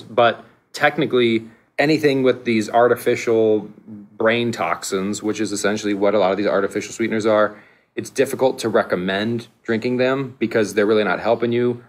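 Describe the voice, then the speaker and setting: Low-voiced laughing male podcast host. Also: normal speed. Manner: animated, laughs often, frequent restarts. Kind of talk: casual podcast chat.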